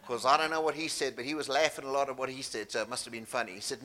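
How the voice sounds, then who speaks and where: A man's voice: medium pitch, fairly even intonation, very fast, hardly any pauses, pushed and bright. A man with a South African accent giving a conference breakout talk, chatty and full of anecdotes and self-deprecating humor. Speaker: keynote speaker.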